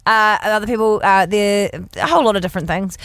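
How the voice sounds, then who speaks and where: A woman's voice: medium pitch, fairly bright tone, dry recording. A woman hosting a radio show, chatting and teasing her co-hosts in casual banter. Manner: chatty, giggly, quick to tease. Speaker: radio host. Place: radio studio.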